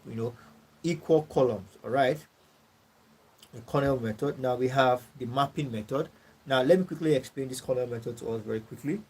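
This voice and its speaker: A man with a Nigerian English accent teaching a course class, repeating his points, clearing his throat and checking in with "all right" and "you know". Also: mid-range voice, darkish tone, rough recording. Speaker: course tutor. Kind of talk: classroom lecture.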